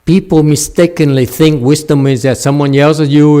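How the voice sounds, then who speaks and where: A man's voice: fairly high pitch, fairly even intonation, normal speed, warm tone. A man giving a meditation dharma talk and answering questions. He laughs often and keeps checking in with "okay?". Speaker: Chan meditation teacher.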